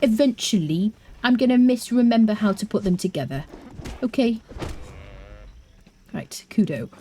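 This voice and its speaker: An English woman streaming a game, chatting casually and playfully with her viewers and often dropping into quiet asides. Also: on the high side, lively intonation, normal speed, a little hiss or hum. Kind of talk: casual live-stream chat while gaming.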